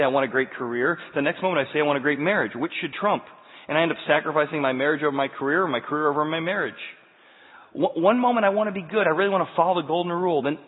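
A man's voice: on the high side, husky. A man preaching a sermon in an emphatic way, asking the listeners many rhetorical questions. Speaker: pastor. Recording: tinny, phone-like sound with long hall reverb.

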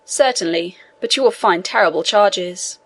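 A woman's voice: lowish voice, moderate pace, low-quality recording. A woman voicing a male prison governor who speaks in a dry, matter-of-fact way in a storybook reading.

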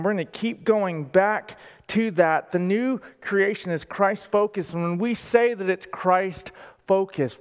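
A man preaching a sermon as pastor, speaking deliberately and with emphasis, asking the congregation questions in a church sanctuary. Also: high voice. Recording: long reverb of a large hall.

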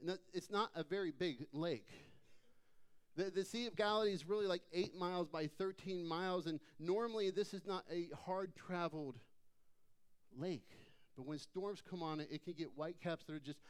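Man preaching with dramatic soft drops. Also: normal speed, smooth. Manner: dynamic preaching, dropping low and soft for scripture lines. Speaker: pastor. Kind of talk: sermon.

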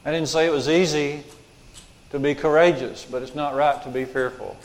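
A man's voice: on the high side, fairly even intonation, normal speed. A man preaching a sermon as pastor, emphatic and repeating his key lines for weight. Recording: long hall reverb.

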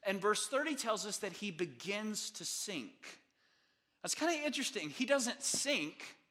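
A male pastor preaching a sermon, retelling a Bible story with animated asides and acted-out voices. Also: high voice, measured pace. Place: church sanctuary.

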